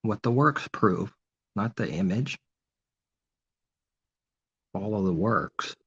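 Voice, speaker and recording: A man preaches an informal sermon in a deep, gravelly voice with a husky edge, firing off rhetorical questions and answering them himself. His tone turns mockingly sarcastic at times, and the recording sounds dull and lo-fi. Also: expressive, takes it slowly, a bit bright.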